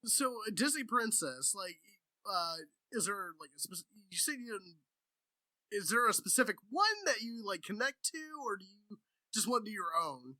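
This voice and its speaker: A man's voice: high-pitched, expressive, normal speed, pushed and bright, no echo. A man co-hosting a podcast, teasing and laughing often, with many fillers. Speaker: podcast co-host. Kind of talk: casual podcast chat.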